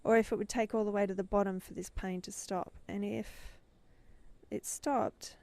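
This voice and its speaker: A woman's voice: medium pitch, flat delivery, moderate pace, vocal fry, a little mellow, no echo. A middle-aged woman hosting a podcast, telling a personal story with growing intensity that swells at its peaks. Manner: intense, dramatic retelling, voice swelling. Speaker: podcast host and business mentor.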